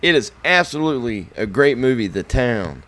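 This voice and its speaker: A man's voice: mid-range voice, very animated, normal speed, a bit bright. A man co-hosting a podcast, chatting casually about films and rambling with restarts. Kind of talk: casual movie chat.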